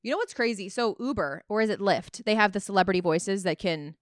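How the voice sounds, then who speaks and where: A woman's voice: medium pitch, brisk, dry recording, clean studio sound. A woman co-hosting a podcast, chatting casually, reacting and joking. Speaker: podcast co-host. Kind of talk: casual chat.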